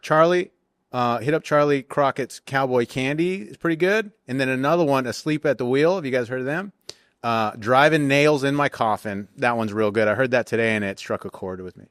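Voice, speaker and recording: A man's voice: medium pitch, a little fast, a bit bright, clear, resonant tone, no room sound, clean studio sound. A man, a podcast guest and jiu-jitsu coach, chatting casually in a loose, rambling, profane way. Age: adult with young kids. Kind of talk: casual chat.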